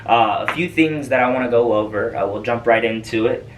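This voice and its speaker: A man's voice: medium pitch, fairly quick, distant mic, slight background noise, low-quality recording. A man talking casually as a sales trainer, loose and chatty with many fillers and repeats. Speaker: freight broker trainer. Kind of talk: casual coaching monologue.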